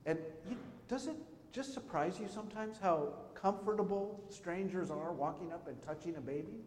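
A man's voice: high-pitched, lively intonation, normal speed, darkish tone, a little hiss or hum. A middle-aged man preaching a conversational sermon as pastor, telling stories and asking the congregation questions. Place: church sanctuary. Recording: echoey church hall with a long reverb.

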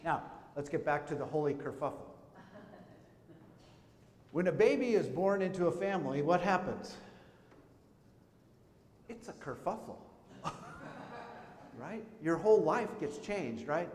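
A man's voice: on the high side, lively intonation, a little slow, long pauses, a little mellow. A middle-aged man preaching a conversational sermon as pastor, telling stories and asking the congregation questions. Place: church sanctuary. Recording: echoey church hall with a long reverb.

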